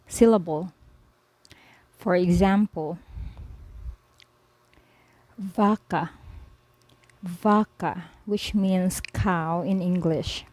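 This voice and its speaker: A woman's voice: lowish voice, mellow, no room sound, poor audio. A woman teaching a spoken language lesson, explaining each letter patiently and repeating every example word several times. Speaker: language tutor.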